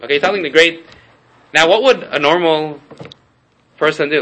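A man's voice: on the high side, expressive, a little fast, long pauses, pushed and bright, low-quality recording. A man giving a casual Torah class, telling stories with rhetorical asides, Hebrew terms and frequent restarts. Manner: repeats and restarts phrases while storytelling. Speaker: Torah teacher.

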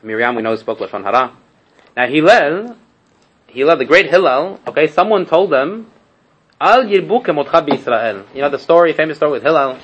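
A man's voice: a little high, lively intonation, normal speed, fairly bright tone, husky, lo-fi sound. Chatty man teaching a Torah class. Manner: conversational, with frequent rhetorical asides and Hebrew terms; repeats and restarts phrases while storytelling.

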